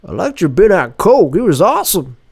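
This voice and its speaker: A man's voice: sits high, big pitch swings, brisk, gravelly, darkish tone, breathy edge, no echo, studio quality, pitched above the performer's own voice, full character voice. A man voicing a clumsy, friendly young male stranger on the street who talks in a loose, blunt way.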